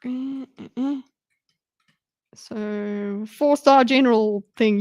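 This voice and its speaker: A woman's voice: fairly high pitch, takes it slowly, a little mellow, no echo. Chatty giggling woman, dry close sound. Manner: chatty, giggly, talks back to the video. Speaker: streamer commenting on a debate video. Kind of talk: casual live commentary.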